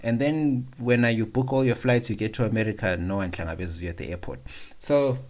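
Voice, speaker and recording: A man in casual chat, speaking in a relaxed way. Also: mid-range voice, a little fast.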